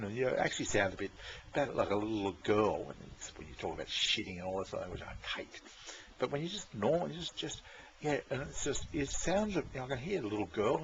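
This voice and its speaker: A man's voice: mid-range voice, vocal fry, fairly bright tone. A man, rambling in casual chat, swearing freely and chuckling often. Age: 60s. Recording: dull lo-fi recording.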